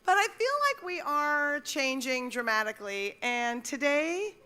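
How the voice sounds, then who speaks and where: A woman's voice: sits high, expressive, unhurried, pushed and bright. A middle-aged woman from Minnesota emceeing an awards evening on stage, telling wry comic stories and acting out the voices of the people in them. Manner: wry storytelling, acts out voices in quotes. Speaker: event emcee. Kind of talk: stand-up comedy and emceeing at an awards event. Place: event hall stage. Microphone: stage microphone.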